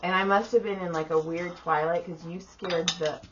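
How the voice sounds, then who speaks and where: A crowd murmurs behind this middle-aged podcast co-host as she talks at a moderate pace in a lowish voice. Exhausted but animated, she tells a profane story in casual conversation and voices the people in it. The recording is slightly dull, with faint room noise.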